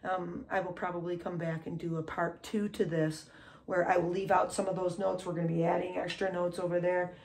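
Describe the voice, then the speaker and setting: With a fairly low, level voice, brisk delivery and some vocal fry, a woman gives an informal drum lesson against a little hiss or hum. She counts out loud over the drumming beneath her and says "okay?" a lot.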